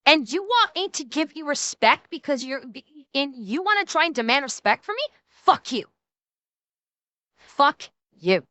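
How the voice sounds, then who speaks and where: A woman's voice: sits high, big pitch swings, unhurried, bright, forceful tone, no room sound. A woman streamer in a heated, profane live reaction rant, talking into a desk microphone. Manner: angry, profane, heated ranting.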